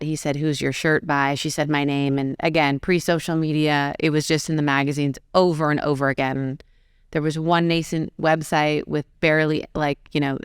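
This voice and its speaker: A woman's voice: low-pitched, clear, resonant tone, dry recording, clean studio sound. A woman in her forties, a fashion designer, telling stories from her career in a casual interview. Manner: conversational, quick anecdotes with acted-out quotes.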